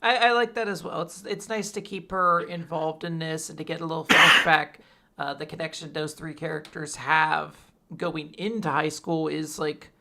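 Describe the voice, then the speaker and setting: A man's voice: fairly high pitch, steady tone, moderate pace, vocal fry, bright, forceful tone, slight background noise. A man co-hosting a podcast, chatting casually and agreeably about manga chapters. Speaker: podcast co-host. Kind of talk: casual manga recap chat.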